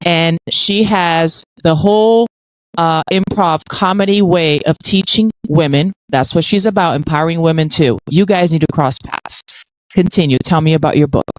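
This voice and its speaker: A woman hosting a podcast, praising her guest warmly and at length. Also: deep voice, moderate pace, dry recording, rough recording. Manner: effusive, gushing praise. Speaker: podcast host. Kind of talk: casual interview talk.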